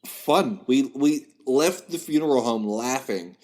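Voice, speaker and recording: A man's voice: mid-range voice, expressive, a little slow, a little mellow. A man with a West Virginian drawl, a podcast guest telling family stories in casual chat. He chuckles as he talks and acts out his relatives' voices.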